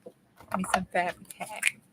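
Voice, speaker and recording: A woman's voice: measured pace, a bit bright, low-quality recording. A woman with a Southern US country accent, chatting to her viewers while she works on a craft project, chopping off her words as she gets going. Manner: chatty, talks to viewers while working, drawls and chops words. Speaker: crafting channel host. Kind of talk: casual crafting vlog chat.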